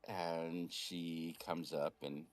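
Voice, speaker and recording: A male game master narrates a tabletop game in a deep, low voice. He rambles through scenes, pausing often with fillers as he improvises the story. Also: level tone.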